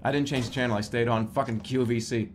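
A man streaming a game, excitable and profane, often laughing and yelping into a desk microphone. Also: medium pitch, fast talker, faint music behind. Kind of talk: gaming livestream commentary.

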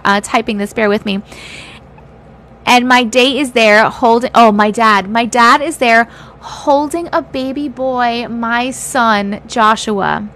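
A woman hosting a livestream, reading viewers' stories aloud with feeling, pausing to react and teasing her chat bluntly. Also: on the high side, a bit bright, a little hiss or hum.

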